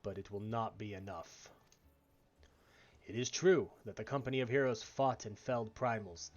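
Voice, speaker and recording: A man voicing a skeptical guard captain in a game, speaking in a stern, curt, measured way in a dull lo-fi recording. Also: lowish voice, darkish tone, lightly acted. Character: gruff skeptical male guard captain, blunt. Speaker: streamer reading game dialogue.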